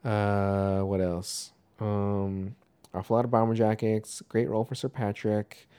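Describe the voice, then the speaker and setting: A man's voice: lowish voice, little pitch movement, unhurried, mellow, smooth. Rambling man chatting about movies. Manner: rambling, swears, trails off and restarts. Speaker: podcast co-host. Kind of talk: casual movie discussion.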